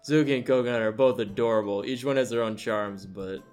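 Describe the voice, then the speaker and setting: A man's voice: medium pitch, brisk, music in the background. A man hosting a let's play, giving casual, sarcastic, exasperated commentary full of swearing.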